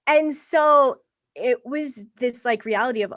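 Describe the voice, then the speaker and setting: A woman in her thirties talks candidly as a guest in a podcast interview, bringing her past thoughts to life through animated quoted voices. Her voice sits high and a little slow, recorded in studio quality with no echo.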